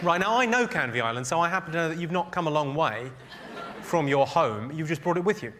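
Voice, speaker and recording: A man doing stand-up crowd work, firing off deadpan put-downs at hecklers. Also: fairly high pitch, fast. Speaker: stand-up comedian. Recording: live theatre show, loud crowd laughter. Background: audience laughing and applauding.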